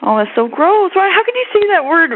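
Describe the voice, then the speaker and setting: A woman's voice: very high-pitched, big pitch swings, fairly quick. A woman working a hotel front desk who answers a call in a giggly, easily amused way over a tinny phone line.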